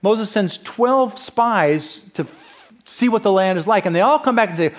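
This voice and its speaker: Man, senior pastor type, slightly raised pitch; chatty storytelling sermon, sinks soft and low for the heavy parts. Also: lively intonation, normal speed. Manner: conversational storytelling with fillers and restarts.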